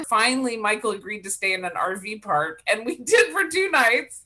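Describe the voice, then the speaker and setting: A woman's voice: on the high side, expressive, moderate pace, sharp tone. A woman comedian telling an exasperated comic anecdote over a video call.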